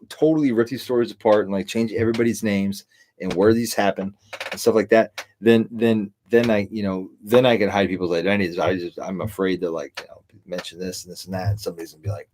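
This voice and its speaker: A man's voice: fairly low pitch, a little mellow, a little hiss or hum. A middle-aged man hosting a livestream, a tipsy, rambling and profane monologue with frequent laughter. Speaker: livestream host.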